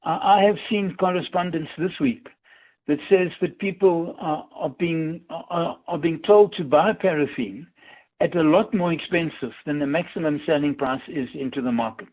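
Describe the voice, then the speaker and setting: A man's voice: on the high side, moderate pace. Man on a tinny phone line. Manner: earnest, repeats words while thinking. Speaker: industry association chief executive. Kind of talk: radio phone interview.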